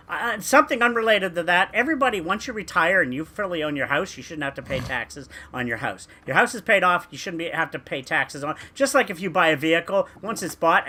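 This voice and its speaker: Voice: mid-range voice, pushed and bright. A talker, ranting emphatically in casual podcast chat with stumbling restarts. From Canada.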